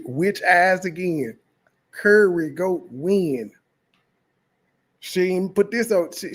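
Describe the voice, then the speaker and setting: A man hosting a reaction channel, mocking a clip in blunt, profane commentary. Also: on the high side. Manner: mocking, blunt, heavy cursing.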